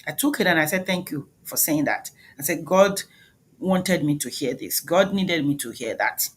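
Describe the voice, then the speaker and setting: A woman with a Nigerian accent, a doctor and speaker, gives an emphatic motivational talk, putting questions directly to her audience. Her voice is low and animated with a breathy edge, delivered at normal speed.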